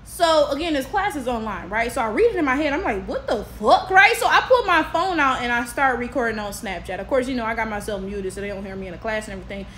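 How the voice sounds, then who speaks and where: High-voiced American woman vlogging. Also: fast talker, hardly any pauses, background noise. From United States. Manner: animated and candid, often tags lines with "right?". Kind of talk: casual commentary to camera.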